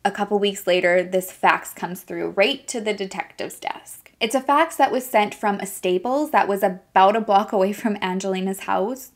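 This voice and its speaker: In a medium-pitched voice, a young woman casually narrates a true crime case. She's chatty and animated, tossing in sarcastic asides.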